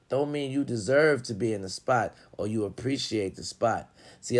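A man giving casual motivational talk, preaching emphatically and swinging from low murmurs to loud urging. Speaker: motivational vlogger.

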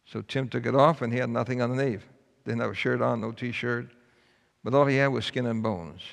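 A preacher tells a story in a folksy, earnest way, his voice gravelly at mid pitch. The sound carries a long reverb from a large hall. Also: fairly quick. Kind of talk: sermon storytelling.

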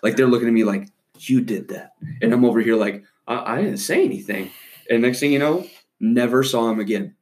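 A man's voice: mid-range voice, fairly quick. A young man, a guest on a casual podcast, telling a story with lots of laughter and acted-out voices. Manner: animated, laughing, acts out voices in his story.

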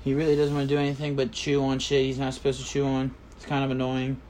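A man's voice: medium pitch, monotone, fast, a little mellow, slight background noise. A man hosting a casual solo podcast from his bedroom, rambling and joking with plenty of swearing. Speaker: podcast host.

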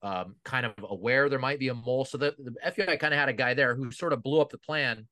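A man's voice: mid-range voice, quick pace, sharp tone, no room sound, studio quality. A man chatting about a movie in a wry, critical way, laughing as he talks. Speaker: podcast co-host. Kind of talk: casual movie discussion.

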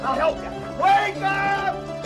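A snapped husband bellowing. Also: male voice, extremely high pitch, takes it slowly, soft background music, heavily acted. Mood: frenzied shouting. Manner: shouting, frenzied. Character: menacing middle-aged husband finally snapping. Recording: film clip audio.

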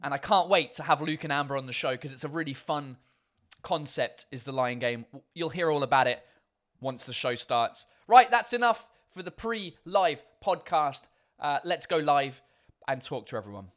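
A man with a notably high voice, hosting his own comedy podcast and live show. He rambles casually, full of fillers and swear words, mocking himself along the way. He sounds tired. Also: lively intonation, normal speed, fairly bright tone. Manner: swears freely, self-mocking, chatty with many fillers. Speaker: comedy podcast and livestream host.

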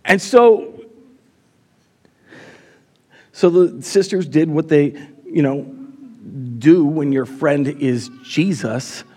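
A man's voice: a little high, extremely slow, long pauses, a little mellow. A man preaching a live sermon as pastor in a church, casual and chatty, with many fillers.

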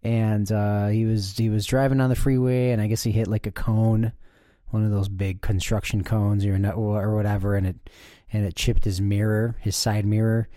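A man's voice: on the low side, little pitch movement, moderate pace, dark tone, dry recording, studio quality. A man hosting a podcast alone, talking casually in a rambling, profane way with lots of fillers and restarts. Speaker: podcast host. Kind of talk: casual solo monologue.

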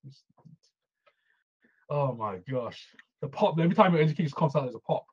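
Excitable man, husky lo-fi voice. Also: on the high side, normal speed. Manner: excitable, repeats phrases, says bro a lot. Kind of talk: casual chat. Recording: dull lo-fi sound.

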